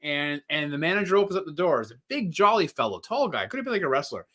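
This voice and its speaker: Bright-voiced animated middle-aged man. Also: fairly high pitch, fast talker. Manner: animated storyteller acting out quotes. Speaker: podcast co-host. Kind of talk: casual chat.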